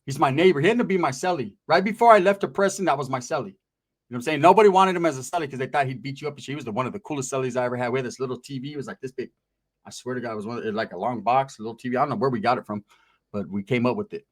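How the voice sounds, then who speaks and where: A man's voice: medium pitch, very fast. A man telling stories in casual, slang-heavy talk, acting out what other people said. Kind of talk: casual storytelling.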